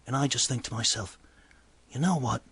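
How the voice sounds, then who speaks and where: A man voicing a chatty male bartender, telling a bar story in a breathy voice. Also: medium pitch, normal speed. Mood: gossipy storytelling. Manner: exclaims loudly, then drops to hushed asides. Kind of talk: comedic character monologue.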